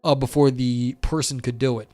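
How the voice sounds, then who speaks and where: A man's voice: mid-range voice, level tone, moderate pace, mellow, no room sound, soft background music. Blunt rambling man with dry sound. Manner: rambling, blunt, self-described curmudgeon. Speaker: streamer reading chat. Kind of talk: casual livestream talk.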